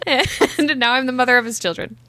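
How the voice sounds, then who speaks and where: Playful woman co-host, slightly high voice, dry close sound, giggly. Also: moderate pace, bright, forceful tone, no echo. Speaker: podcast co-host. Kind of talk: casual book club chat.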